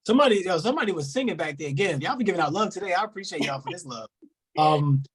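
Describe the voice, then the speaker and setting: A lively, slangy host on a group video call who calls out to the members and keeps urging them on. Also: rapid-fire, husky. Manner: animated, shifting pitch, slangy, talks to the group directly.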